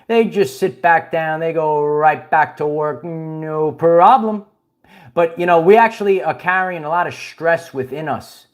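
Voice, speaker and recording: A man hosting a casual spiritual livestream, rambling with many restarts and chuckles while he greets viewers and reads their comments. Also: fairly high pitch. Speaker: livestream host.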